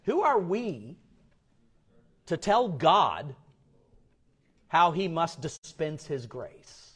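A man preaching a sermon, swinging between hushed asides and loud emphatic peaks, acting out voices in his stories. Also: a little high, very animated, very slow, breathy edge. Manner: dynamic preacher, swings from quiet to loud, acts out quotes. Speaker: pastor.

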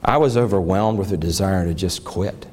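An older male pastor delivers a sermon with deep conviction. His fairly low voice rises into pleading and sinks into quiet confession, always earnest and impassioned. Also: normal speed. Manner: impassioned, swinging from raised pleading to hushed confession.

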